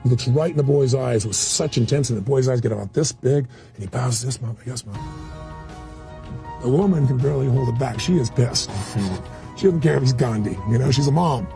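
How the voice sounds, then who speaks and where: A man's voice: mid-range voice, fast, creaky, mellow, faint music behind. A man speaking as a motivational speaker in a candid interview, blunt and full of stories, acting out quotes. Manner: storytelling, blunt, acts out quotes.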